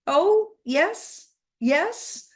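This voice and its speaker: A woman's voice: very high-pitched, animated, drawn-out words, pitched above the performer's own voice, full character voice. Woman doing a shaky, frightened little girl. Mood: eager. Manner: shaky, panicky, breathless pleading. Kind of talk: storybook reading.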